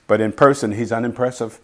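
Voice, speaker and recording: Lively conversational preacher man. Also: fairly high pitch, noisy background. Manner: conversational teaching, asks the audience "right?"; quotes scripture slowly and deliberately. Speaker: pastor. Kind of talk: sermon.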